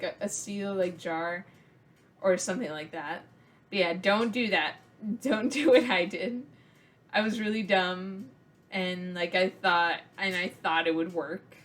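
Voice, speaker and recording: A young woman tells a story for her vlog in a loose, rambling way. Her speech is full of "like" fillers and restarts, and her voice sits at an ordinary middle pitch. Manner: rambling, filler-heavy with many likes. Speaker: vlogger.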